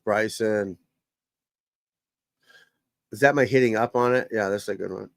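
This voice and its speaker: A man's voice: fairly low pitch, unhurried, vocal fry, no echo. An older man, a golf coach, hosting a casual live stream and talking bluntly and profanely, rambling from one thought to the next.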